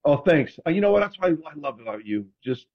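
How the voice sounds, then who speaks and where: A man telling stories in casual chat, animated and self-deprecating, acting out quotes. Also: fairly high pitch, fast talker, husky, highs cut off. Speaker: podcast host, former NFL quarterback.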